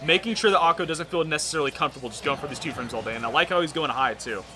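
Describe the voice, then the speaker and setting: A man commentating a live fighting-game match, breaking down the players' options in quick play-by-play with jokes. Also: on the high side, crowd noise. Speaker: esports commentator.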